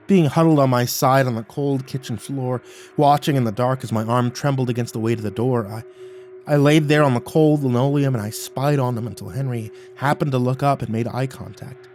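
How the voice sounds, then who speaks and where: A man narrating a first-person horror story in a measured, hushed manner, often dropping quiet. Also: mid-range voice, slight background noise.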